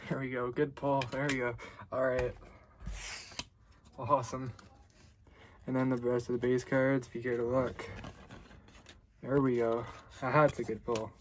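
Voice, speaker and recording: A young man hosting a casual card-opening video, chatting loosely and getting excited at good pulls. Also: mid-range voice, unhurried, pauses often, a little hiss or hum. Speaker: card-opening channel host.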